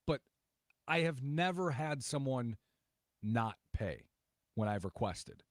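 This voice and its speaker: A man's voice: medium pitch, lively intonation, takes it slowly, no room sound. Easygoing male sports radio host, dry sound. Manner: easygoing, agreeable, lots of fillers. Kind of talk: casual sports talk.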